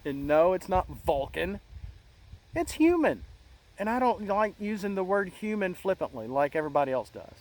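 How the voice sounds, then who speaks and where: A middle-aged man hosting a casual monologue, talking in an earnest, halting way with many restarts. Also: high-pitched, expressive, low-quality recording. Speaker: channel host.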